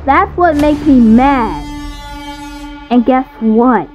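A woman's voice: high-pitched, lively intonation, drawn-out words, darkish tone, faint music behind, exaggerated voice, poor audio. A woman voicing an angry, protective mother who scolds in an indignant tone. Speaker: voice actor. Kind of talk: roleplay movie voice acting.

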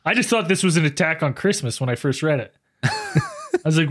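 A man co-hosting a casual podcast, cracking jokes and laughing along. His voice is lively and sits a little high. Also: brisk. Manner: joking, laughs often. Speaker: podcast co-host. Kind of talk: casual chat.

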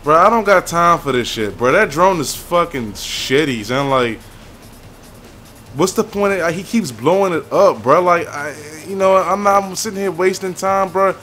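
A man's voice: normal speed, soft background music. Foul-mouthed young man venting over gameplay. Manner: cursing, venting, loud outbursts then low muttering. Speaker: gaming YouTuber. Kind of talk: frustrated gameplay commentary.

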